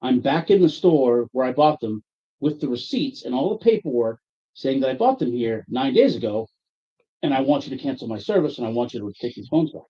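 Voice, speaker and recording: A man telling a long story to friends in casual talk, profane and animated, acting out his own angry quotes. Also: mid-range voice, fairly quick, slightly rough. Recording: dull lo-fi audio.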